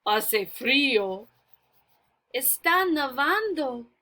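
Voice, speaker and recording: Patient language teacher, woman, unhurried and bright-toned, reads and explains a simple story. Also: sits high, very animated. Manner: slow, patient, explains word by word. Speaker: Spanish teacher. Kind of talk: reading a beginner story aloud and explaining it.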